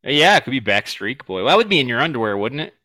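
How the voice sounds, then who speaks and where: Give me a man co-hosting a podcast with crude laughing banter, bright and edgy tone. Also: medium pitch, big pitch swings, fast. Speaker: podcast co-host. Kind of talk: casual podcast chat.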